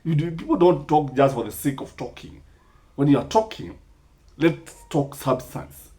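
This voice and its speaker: Kenyan man, impassioned commentator, slightly high voice, rhetorical questions. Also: sing-song, normal speed, dark tone. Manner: rhetorical questions, emphatic, mixes in Swahili sayings.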